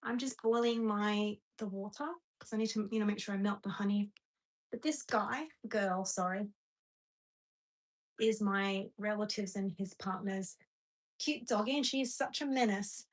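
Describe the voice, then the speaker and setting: A woman's voice: medium pitch, fairly even intonation, normal speed. A woman with an Australian accent chatting casually on a home livestream, rambling and talking to a dog between remarks.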